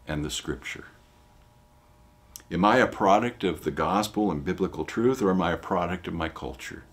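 Man preaching with big dynamic swings. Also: low voice. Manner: dramatic, swings from quiet to loud when retelling scripture. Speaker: pastor. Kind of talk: sermon. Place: church.

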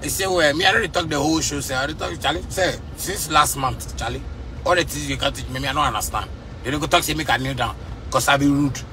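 A man's voice: fairly high pitch, fast talker, bright, forceful tone, slight background noise. A man from Ghana with a Ghanaian Pidgin English accent, ranting to camera from inside a car in fiery, repetitive street talk. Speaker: musician vlogger. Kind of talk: casual rant to camera.

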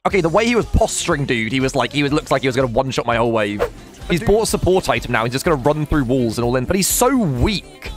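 A man's voice: mid-range voice, big pitch swings, fast, faint music behind. A young man streaming a video game, commentating casually, swearing and laughing as he talks to chat and teammates.

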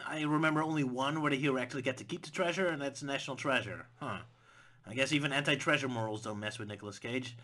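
A man's voice: on the high side, fairly bright tone. Sarcastic man ranting. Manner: sarcastic, mocks with silly put-on voices. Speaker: video essayist. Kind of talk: comedic movie rant.

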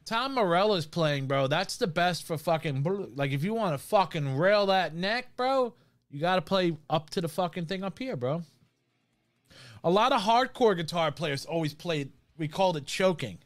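Man, fairly high voice, podcast co-host, casual profane chat, says bro a lot. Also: expressive, moderate pace. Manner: loose and profane, lots of "bro" and "dude".

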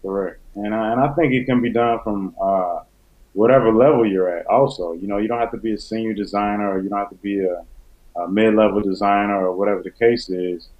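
A man's voice: fairly low pitch, fairly even intonation, a little fast. A man who is a podcast guest, talking in a supportive, affirming way with plenty of fillers. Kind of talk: casual podcast conversation. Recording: dull lo-fi audio.

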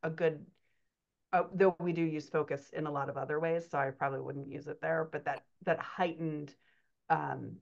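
Female writing coach on a podcast, low-ish and friendly in manner, muffled lo-fi sound. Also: steady tone, vocal fry. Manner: affirming, quick to agree, explanatory. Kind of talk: casual chat. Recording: dull lo-fi remote audio.

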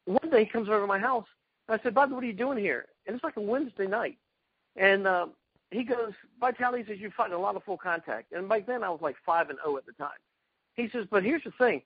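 A man from South Carolina with a high, husky voice tells stories from his years as a karate fighter, acting out the people he quotes. The sound is dry and dull, close and lo-fi. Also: fast talker, no echo. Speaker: guest, retired karate champion. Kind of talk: storytelling in a casual interview.

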